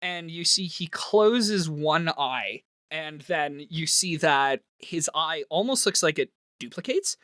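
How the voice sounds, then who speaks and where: A man narrating a tabletop role-play game as game master, animated and laughing often. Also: a little high, takes it slowly, no echo, studio quality.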